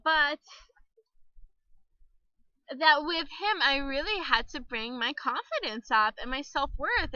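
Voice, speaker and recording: High bright chatty woman vlogging outdoors. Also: dry recording, lo-fi sound. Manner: chatty, candid, cusses, laughs often. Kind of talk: casual personal vlog to camera. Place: outdoors by the water.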